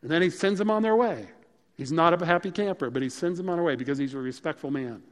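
A man's voice: a little high, quick pace. A man preaching a sermon, telling personal stories in a conversational, humorous way. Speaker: pastor. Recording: long reverb of a large hall.

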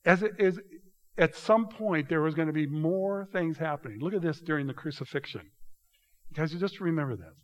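Man preaching with loud and hushed swings. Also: a little high. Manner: swings from hushed, drawn-out asides to loud, emphatic scripture reading; addresses the congregation directly, often saying "you guys". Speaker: pastor. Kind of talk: sermon.

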